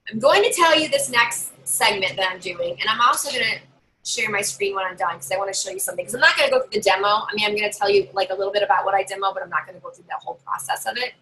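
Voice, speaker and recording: A woman's voice: medium pitch, rapid-fire, bright, forceful tone, a little hiss or hum, poor audio. A woman home party sales consultant giving casual, chatty tips to fellow sellers and acting out what her customers say.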